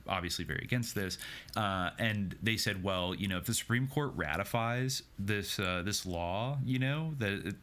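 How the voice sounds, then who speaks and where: A man co-hosting a history podcast in casual chat, retelling events with lively acted-out quotes. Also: fairly low pitch. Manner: animated retelling, acts out quoted exchanges in raised voices. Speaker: podcast co-host.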